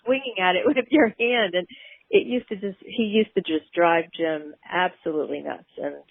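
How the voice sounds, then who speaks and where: A woman's voice: lowish voice, moderate pace, creaky, no echo. Woman guest chatting about her past, laughs a lot, sounds like a phone call. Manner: chatty, laughs between remarks. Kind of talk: casual personal storytelling.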